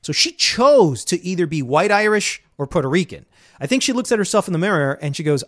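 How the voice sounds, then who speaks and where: A man's voice: sits high, big pitch swings, fairly quick. A man hosting a podcast discussion, explaining and recounting in a casual way. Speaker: podcast host and interviewer.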